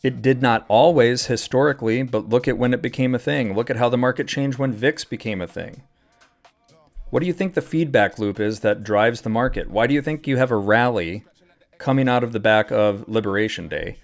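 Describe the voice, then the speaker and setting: Faint music plays behind a man whose mid-range voice moves at normal speed. As host of a live trading stream, he offers loose, filler-laden market talk while swearing and ranting in exasperation.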